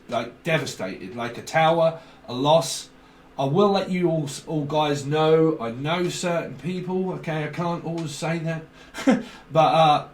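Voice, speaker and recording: A man with a fairly high voice rambles through a psychic reading, jumping from word to word and swearing as he goes. He sits back from the mic in a roomy space with a faint hiss behind him. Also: recorded from a distance. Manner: free-associating, swearing, frequent fillers. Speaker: tarot reader.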